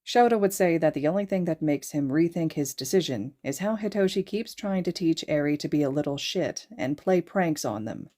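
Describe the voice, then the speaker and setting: A woman narrating a fan fiction podfic with steady storytelling. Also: low-pitched, moderate pace, hardly any pauses. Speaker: podfic reader.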